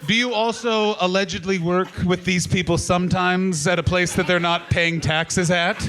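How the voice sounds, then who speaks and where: A man doing stand-up crowd work, teasing the audience in a brash, profane, rapid-fire way. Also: high-pitched, sharp tone. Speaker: stand-up comedian. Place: comedy club stage before a live audience. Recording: live club recording with crowd laughter. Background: audience laughter.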